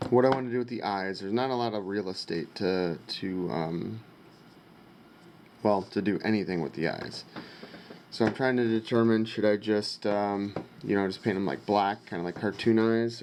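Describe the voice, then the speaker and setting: Male vlogger, lower voice, halting think-aloud delivery, faint background hiss. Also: a little mellow. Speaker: father vlogger. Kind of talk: casual vlog narration.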